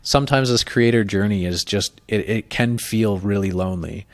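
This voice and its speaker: A man's voice: fairly low pitch, normal speed. A man hosting a podcast, talking candidly and emotionally in a casual chat, swearing freely. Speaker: podcast host.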